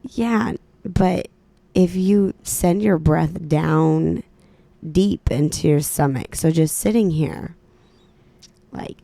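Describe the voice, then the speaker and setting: Woman, low voice, unhurried, calm and sarcastic, podcast co-host. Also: gravelly, no room sound. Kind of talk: casual chat. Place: radio studio.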